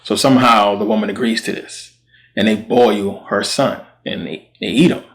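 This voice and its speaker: Low-voiced man casually retelling Bible stories. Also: steady tone, moderate pace. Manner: slangy, conversational, acts out quotes. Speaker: channel host.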